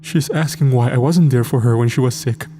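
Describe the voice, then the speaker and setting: A man's voice: medium pitch, a little fast, mellow, a little hiss or hum, voice pushed up, close to an everyday voice. A man voicing a terrified young male soldier who stammers and whispers in a trembling voice as he breaks down. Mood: panicked.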